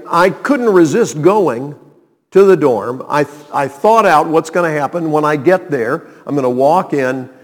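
An older man telling a personal story to a live audience, animated, with sudden emphatic exclamations and wry asides. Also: on the high side, unhurried. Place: hall with a seated audience. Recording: long hall reverb, live room.

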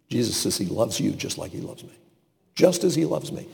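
A man's voice: fairly low pitch, big pitch swings, quick pace, vocal fry, long reverb tail. Man preaching with wide dramatic swings. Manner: dramatic swings from loud to hushed, acts out quoted voices. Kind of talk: sermon.

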